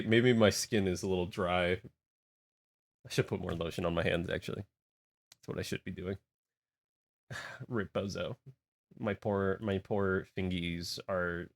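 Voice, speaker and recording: A young adult man chatting casually on a live stream, rambling and reacting in an animated, jokey way to his chat. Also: sits low, slow, vocal fry, long pauses.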